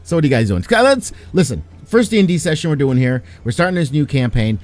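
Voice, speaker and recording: A man hosting and running a tabletop game stream, energetic and joking, laughing often. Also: fairly high pitch, fast talker, faint music behind. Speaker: game master.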